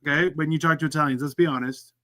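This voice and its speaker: Bright-voiced teasing Canadian man. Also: on the high side, steady tone, racing. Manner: teasing, trails off into mumbled asides. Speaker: cooking show co-host. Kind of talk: casual banter.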